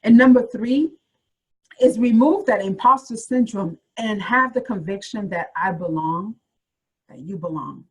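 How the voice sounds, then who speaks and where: A woman's voice: medium pitch, measured pace, a little mellow, slightly rough, rough recording. A woman career coach giving a motivational webinar talk, encouraging and addressing her listeners directly with repeated phrases.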